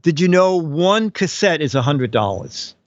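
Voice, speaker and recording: A man's voice: a little high, big pitch swings, unhurried, dry recording. A man hosting a casual live-stream chat, laughing often and reading out game show questions. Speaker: host. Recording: dull lo-fi stream audio with faint music.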